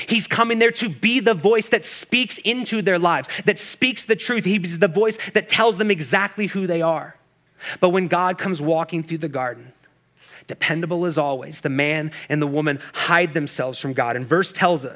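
A man's voice: sits high, fairly bright tone. A man preaching a sermon as pastor, building through long runs of repeated rhetorical questions. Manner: building repetition, rising intensity in rhetorical questions.

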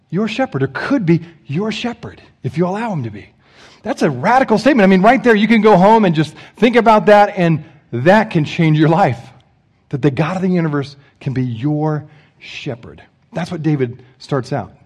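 A man with a fairly high voice delivers a sermon. He talks to his congregation casually, tossing in jokes, and swings from loud emphatic lines to hushed, soft phrases. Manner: conversational, joking asides to congregation. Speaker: pastor.

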